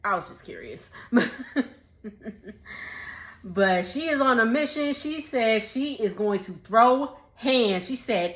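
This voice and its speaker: A woman's voice: on the high side, measured pace. Chatty woman recapping TV, echoey room. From Texas. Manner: laughs often, animated retelling with voiced quotes. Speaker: recap vlogger.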